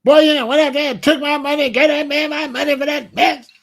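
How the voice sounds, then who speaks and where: A man's voice: extremely high pitch, fast talker, fairly bright tone, pitched above the performer's own voice. A man voicing his angry mother scolding her young son. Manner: scolding, exasperated.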